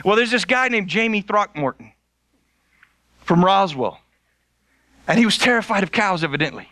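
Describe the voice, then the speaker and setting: A male pastor telling a funny story in a sermon, animated and laughing often. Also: high voice, brisk, long pauses, dry recording.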